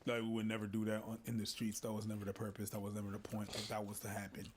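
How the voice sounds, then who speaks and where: A man's voice: on the low side, monotone, rapid-fire, background noise. A man talking candidly as a guest in a casual podcast discussion, owning up to his own ego.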